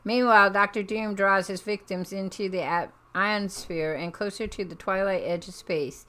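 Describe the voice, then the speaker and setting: A woman streamer reading a comic book aloud on a live stream. She narrates the panels at a mid pitch, stumbling now and then and correcting herself as she goes. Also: fairly even intonation, normal speed, few pauses, a bit bright.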